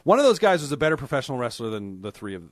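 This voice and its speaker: A man's voice: medium pitch, big pitch swings, racing, no room sound. A man co-hosting a podcast in casual chat, rambling and trailing off, laughing often. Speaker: podcast co-host. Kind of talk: casual chat about wrestling.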